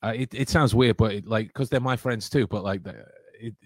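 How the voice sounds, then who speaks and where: A man's voice: on the low side, fairly quick, no room sound. A man talks in loose, friendly chat, tripping over his words and repeating himself as he goes. His voice sounds close and dry, with little room sound around it. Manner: stammering, repeats words, laughs often. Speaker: podcast host. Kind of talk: casual chat.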